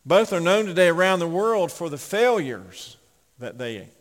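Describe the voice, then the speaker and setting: A man preaching a sermon, swinging from loud emphatic peaks to hushed asides. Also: sits high, big pitch swings, moderate pace. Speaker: pastor. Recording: long hall reverb.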